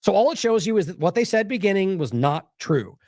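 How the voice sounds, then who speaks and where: Animated, sarcastic male news commentator. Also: high voice, brisk, no echo, studio quality. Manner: animated, sarcastic, mocks quotes in exaggerated voices; talks in bursts with restarts while scrolling sources.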